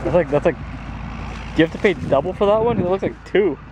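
A man's voice: high voice, animated, fast talker, background noise. A man chatting casually in a travel vlog, joking with family and talking to the camera. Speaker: vlogger.

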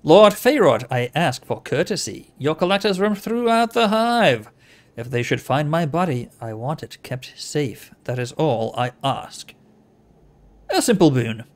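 A man's voice: a little high, animated, a little slow. A man voicing a scarred, amnesiac undead male wanderer who speaks bluntly and questions hard. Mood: formal.

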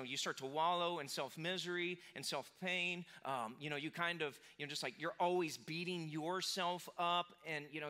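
The pastor's voice is a little high, pushed and bright, as he preaches in a church sanctuary. Casual and conversational, his sermon is thick with fillers and restarts, and he dramatizes the lines of the people he describes.

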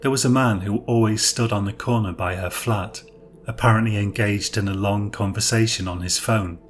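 A man narrating a dark thriller story in a measured, even reading voice. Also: on the low side, soft background music.

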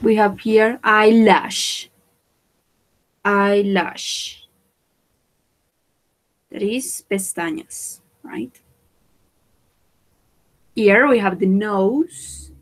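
A woman leads a bilingual vocabulary lesson. She speaks very slowly and deliberately, repeating each English word so learners can copy it. Her voice sits at an ordinary middle pitch. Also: steady tone, poor audio. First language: Spanish. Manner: slow, repeats words for pronunciation. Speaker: English teacher.

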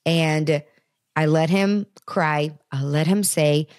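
A woman's voice: low-pitched, takes it slowly, darkish tone, no echo, clean studio sound. Earnest woman giving parenting advice. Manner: earnest, conversational, addresses listeners directly. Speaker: podcast host.

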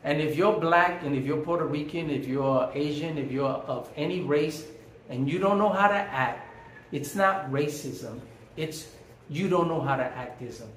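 A man tells a personal story in a preachy, emphatic way, hammering key phrases again and again. His voice sits a little high for a man. The room is echoey, with a faint hum behind him. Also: unhurried, a bit bright. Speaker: vlogger.

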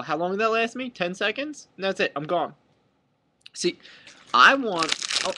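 A man's voice: sits high, lively intonation, normal speed, noisy background. A young man vlogging a mock-angry comic rant to camera, exaggerated and sweary.

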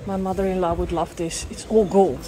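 A woman with a Dutch accent chatting excitedly in English on a handheld travel vlog, breaking into hushed, awed asides. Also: fairly quick, background noise. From Netherlands. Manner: excitable, talks to animals in a high baby voice. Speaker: travel vlogger. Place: outdoors in a park and inside a castle in Japan.

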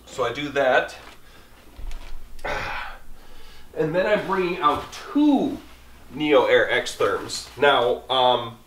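A chatty, rambling man talks casually through his gear as an outdoor vlogger. His voice sits at an ordinary middle pitch. The room is roomy, and the mic is set back from him. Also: expressive, very slow, pauses often, a bit bright, distant mic, slight background noise.

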